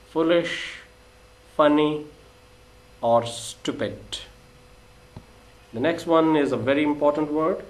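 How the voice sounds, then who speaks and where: Pakistani english guy lecturing on vocab, slow and careful, lists synonyms one by one. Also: medium pitch, low-quality recording. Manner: deliberate, lists words one by one. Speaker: English teacher.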